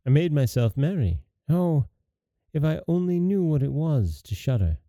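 A man reading aloud and voicing a fearless, cheerful young man in a storybook, with a slightly gravelly voice. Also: a little high, sing-song, normal speed, mellow, dry recording, studio quality, pitched above the performer's own voice. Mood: cheeky.

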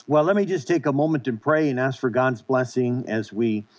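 A man's voice: mid-range voice, moderate pace. A male pastor preaching and praying a sermon in an earnest way, with many restarts and repeated words.

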